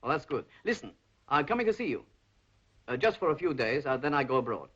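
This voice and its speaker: A jittery crook. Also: male voice, fairly high pitch, sing-song, brisk, fairly bright tone, slightly rough, exaggerated voice. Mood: nervous. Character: tense Italian crook on the run. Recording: dull old film soundtrack.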